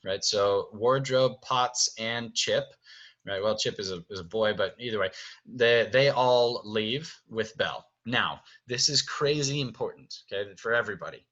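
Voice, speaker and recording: A man's voice: on the low side, unhurried, a bit bright, lo-fi sound. A man directing a stage musical, walking his cast through the staging in a casual, chatty video, checking in with "right?" and "okay?". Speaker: theater director.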